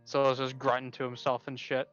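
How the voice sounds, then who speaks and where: A man's voice: mid-range voice, monotone, fairly quick, fairly bright tone, clear, resonant tone, lo-fi sound, faint music behind. A man in a tabletop game casually describing what his character does. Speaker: player.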